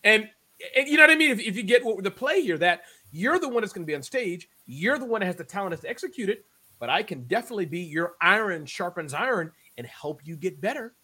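Animated man in his fifties. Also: high voice, fast talker, slightly rough. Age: 50s. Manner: animated, repeats words when excited. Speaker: podcast guest, entrepreneur. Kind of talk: casual interview chat.

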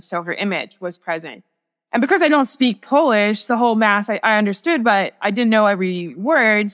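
A woman's voice: mid-range voice, fairly bright tone, long reverb tail. A young woman, a sacred artist, speaking as a guest in a podcast interview, telling a personal faith story in an earnest, reflective way with many restarts.

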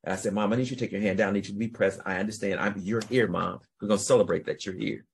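Man, husky low voice, rambling casual storytelling, swears, podcast host. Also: fairly even intonation, racing. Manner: rambling, restarts, swears freely.

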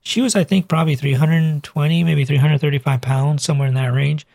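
A man's voice: fairly high pitch, steady tone, fairly quick, creaky, a little mellow, no echo, clean studio sound. A man in his forties, a cardiologist and weight loss coach, telling a patient story in a chatty, rambling way full of fillers and asides. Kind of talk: casual storytelling monologue to camera.

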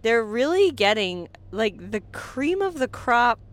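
Chatty woman vlogging, quick laughs. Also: fairly high pitch. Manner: chatty and animated, with frequent laughs and restarts. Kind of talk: casual chat to camera.

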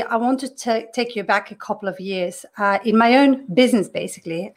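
A middle-aged woman whose first language is not English, a career coach talking earnestly through a personal story in a podcast monologue, with frequent restarts. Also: a little high.

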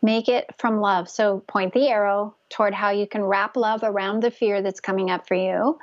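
A woman guest speaking gently and earnestly about spiritual connection, with frequent restarts. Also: medium pitch, steady tone, moderate pace, few pauses, dry recording, highs cut off. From Northern California. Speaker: guest, conception coach. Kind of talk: casual interview talk.

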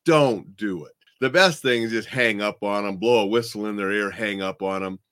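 A man's voice: on the low side, normal speed, fairly bright tone, clean tone. Plainspoken man chatting casually. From Montana, United States. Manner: plainspoken, blunt, chatty storytelling. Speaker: host. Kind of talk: casual chat. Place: home desk.

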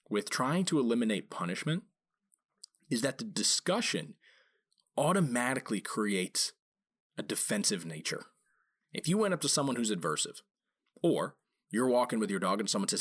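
A man's voice: sing-song, normal speed, long pauses. A man who trains dogs, explaining in an informal talk and stressing points by repeating key phrases. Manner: acts out quoted voices with big pitch jumps. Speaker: dog trainer.

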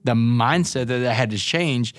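A man's voice: mid-range voice, normal speed. A man guest on an interview podcast, telling his story in an earnest, intense way and often calling the listener "man" and "brother".

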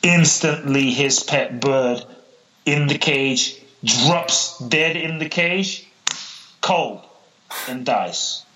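A man telling a parable in a podcast interview, animated and repeating words as he acts out the characters. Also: medium pitch, extremely slow, long pauses, poor audio. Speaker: guest, spiritual teacher.

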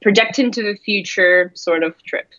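A woman's voice: medium pitch, normal speed, fairly bright tone. Woman guest, chatty w/ lots of ums, slightly dull lo-fi sound. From Russia. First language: Russian. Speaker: guest, graphic designer. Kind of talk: casual interview.

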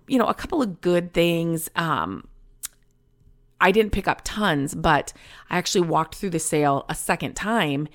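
A woman hosting her own show, chatting casually and rambling, with many fillers, restarts and easy laughs. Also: low-pitched. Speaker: podcast host. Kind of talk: casual solo chat.

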